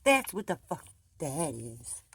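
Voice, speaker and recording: A woman's voice: deep voice, sing-song, slow pace, a crowd in the background. A woman reacting in casual chat, blunt and swearing freely.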